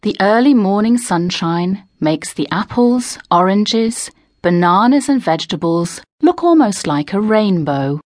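A woman reading a story aloud as scripted narration for language learners, slow, clear and expressive, on a close studio mic. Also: lowish voice, no room sound. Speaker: audiobook narrator.

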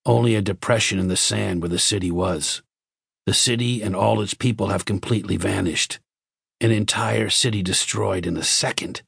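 A man voicing a stern male Martian officer who speaks in a slow, clipped, commanding way. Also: lowish voice, gravelly, a bit bright, husky, dry recording, clean studio sound, full character voice.

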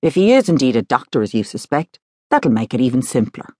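A woman voicing a polite, businesslike middle-aged male private investigator, with her voice pitched lower for him. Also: sing-song, brisk, warm tone, no room sound, studio quality, full character voice.

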